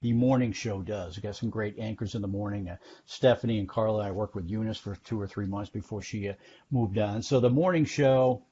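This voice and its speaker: A man's voice: on the low side, brisk, mellow, slightly rough. Talkative man in his sixties, muffled call. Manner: chatty storyteller, self-deprecating, many restarts. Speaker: TV news guest. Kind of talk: casual interview chat. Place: at his home. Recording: dull lo-fi call audio.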